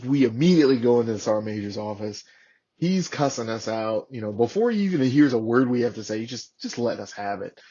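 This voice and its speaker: Male podcast guest, 30s, former Marine; profane, animated storyteller; average pitch; dull lo-fi recording. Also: fast talker, slightly rough. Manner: profane, animated, acts out shouted quotes. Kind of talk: casual storytelling. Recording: lo-fi podcast audio.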